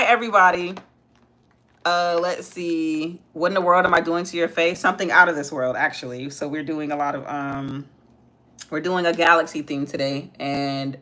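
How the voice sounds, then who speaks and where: A young mother hosts a casual livestream in a low, sharp-toned voice. She chats with viewers while doing her makeup and talks with her child as she works.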